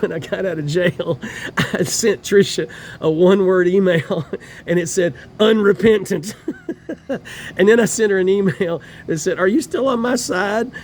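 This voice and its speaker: A man's voice: high voice, a little mellow, a little hiss or hum. A middle-aged man in a homeless shelter, ranting bitterly and profanely, laughing through his grievances. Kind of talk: profane personal rant to camera.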